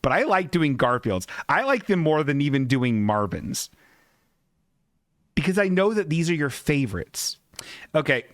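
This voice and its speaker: A man's voice: fairly high pitch, big pitch swings, moderate pace, pauses often, dry recording, studio quality. A man hosting a comedy podcast, rambling, profane and laughing often as he describes comic strips. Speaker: podcast host.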